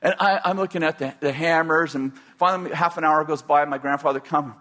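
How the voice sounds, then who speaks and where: A man's voice: on the high side, fairly even intonation, brisk, pushed and bright. An older man from California telling a personal story in a rambling way, with many restarts and chuckles. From California, USA.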